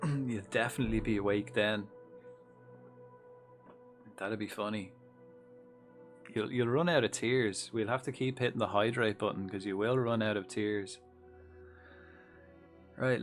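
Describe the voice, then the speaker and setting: A man's voice: fairly low pitch, measured pace, long pauses, soft background music. Chatty man on a live stream. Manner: chatty, swearing, jokey asides. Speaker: livestreamer. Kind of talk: casual live-stream commentary.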